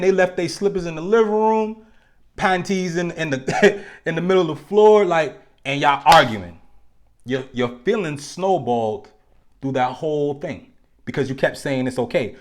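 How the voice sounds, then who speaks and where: A man hosting a live relationship talk, speaking casually with slang and joking asides to his viewers, slowing down to stress key points. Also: a little high. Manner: loose and conversational, slang, joking asides to the chat.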